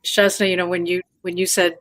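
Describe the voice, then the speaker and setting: A woman in her forties with a fairly low voice shares her experience as a longtime teacher. She speaks in a reflective, measured way. The sound is dry and close, with no room around it. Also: little pitch movement, fairly bright tone, dry recording, poor audio. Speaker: veteran teacher. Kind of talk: casual interview chat.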